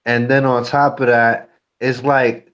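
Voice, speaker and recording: A man's voice: medium pitch, level tone, a little slow, a bit bright, clean tone, muffled recording. A man talking frankly in a casual chat as a YouTuber and co-host, cursing freely. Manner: blunt, frank, curses freely.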